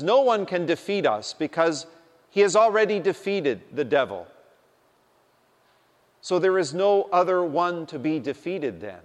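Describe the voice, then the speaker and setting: A man delivers a sermon slowly and deliberately, leaning on his words for emphasis. His voice sits a little high for a man. It rings out with a long hall reverb behind it. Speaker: preacher.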